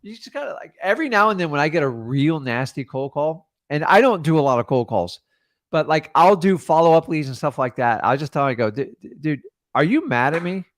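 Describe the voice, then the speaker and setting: A man coaching a caller in a casual, blunt way, acting out phone calls with quick changes of voice. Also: on the high side, expressive, dry recording, clean studio sound. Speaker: real estate investor coaching a caller.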